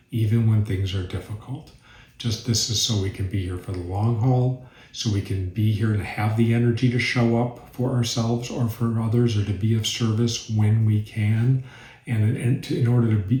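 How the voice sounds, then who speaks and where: A man leading a mindful reflection group, giving a calm, thoughtful spiritual talk with occasional restarts. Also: fairly low pitch. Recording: echoey room.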